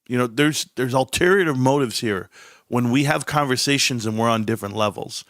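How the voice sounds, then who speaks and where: A man's voice: medium pitch, normal speed, a bit bright, no echo, studio quality. A middle-aged man hosting a livestream, blunt and rambling, often breaking off mid-sentence. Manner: blunt, rambling, self-interrupting. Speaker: stock livestream host. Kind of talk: casual livestream commentary.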